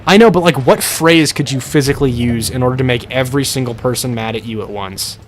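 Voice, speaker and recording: A man's voice: mid-range voice, quick pace, slight background noise. A man streaming a game, chatting casually and playfully with his viewers in a rambling way.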